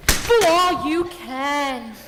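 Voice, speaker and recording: A tipsy grand chaperone drawls her lines slowly and theatrically, as a woman puts her on. The voice is very high and swoops widely. It carries the reverb of a theatre hall. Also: animated, crowd noise, exaggerated voice. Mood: languid. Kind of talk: amateur stage musical acting. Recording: reverberant stage hall with faint noise.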